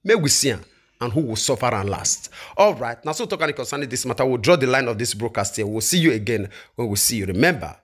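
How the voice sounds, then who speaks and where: A Nigerian-accented man hosts a broadcast commentary, speaking to his audience directly in a preachy, animated way. His voice is husky, and his pitch swings widely as he drives each point home. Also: fast talker. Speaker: channel host.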